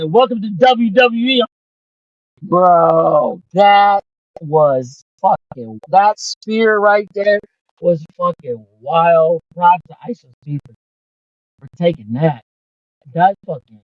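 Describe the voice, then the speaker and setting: Excitable, foul-mouthed male podcast host. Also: on the high side, no echo. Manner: excitable, profane storytelling. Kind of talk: casual chat. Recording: dull lo-fi dry sound.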